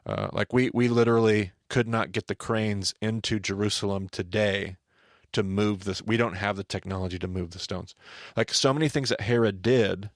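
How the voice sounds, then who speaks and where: A man hosting a podcast, teaching on the Bible in an animated conversational way, often restarting and asking his co-host questions. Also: lowish voice, moderate pace, dry recording, clean studio sound.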